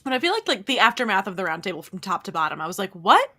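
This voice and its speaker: A woman's voice: mid-range voice, lively intonation, very fast, pushed and bright. A woman co-hosting a podcast, chatting expressively and acting out her own reactions. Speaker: podcast host. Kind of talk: casual chat.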